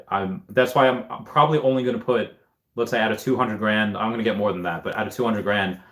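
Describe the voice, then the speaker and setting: A man hosting a casual livestream, reading chat comments aloud and thinking out loud in a rambling way. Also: lowish voice. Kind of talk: casual live-stream chat.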